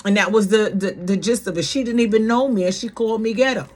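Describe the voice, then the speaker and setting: A middle-aged woman from New York City with a New York accent, telling her viewers a family story in a blunt, animated, profane way. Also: medium pitch, fast talker. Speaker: vlogger.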